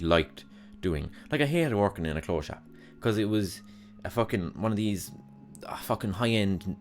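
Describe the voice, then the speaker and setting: A young man hosting a podcast, telling rambling, sweary stories about his past jobs with exasperated humor. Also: deep voice. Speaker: podcast host. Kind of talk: casual solo monologue.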